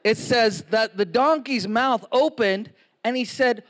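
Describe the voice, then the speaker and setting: A man preaching a sermon, telling stories with lively acted-out quotes. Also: very high-pitched, normal speed. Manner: animated storytelling with acted-out quotes.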